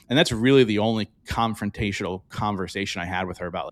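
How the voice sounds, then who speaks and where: A man's voice: fairly low pitch, steady tone, fast, hardly any pauses. A man talking as a podcast guest, reflective and earnest, speaking openly in a candid interview.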